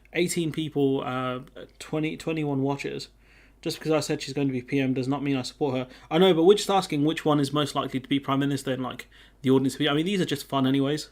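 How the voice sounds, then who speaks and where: Guy streaming, slightly high voice, chatty, reading out chat comments. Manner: chatty, reads viewer comments aloud, runs polls. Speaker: livestream host. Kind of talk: casual live-stream chat.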